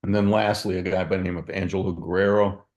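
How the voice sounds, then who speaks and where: A man's voice: sits low, fairly even intonation, fast, a little mellow, lo-fi sound. An older man from Michigan, a guest in an interview, telling reflective stories with frequent fillers. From Michigan, USA. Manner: reflective, anecdotal, with verbal fillers. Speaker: guest, entrepreneur. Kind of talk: storytelling interview.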